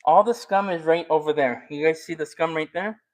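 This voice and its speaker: A man chatting casually while he cooks on camera, thinking out loud and teasing his viewers. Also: a little high, normal speed. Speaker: cooking and eating vlogger. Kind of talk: casual chat while cooking.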